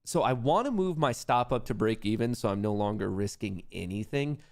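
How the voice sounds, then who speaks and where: A livestream host trading stocks chats loosely with viewers while muttering repeated anxious questions to himself, at times falling to a near whisper. His voice is on the low side, expressive, gravelly, and a little fast.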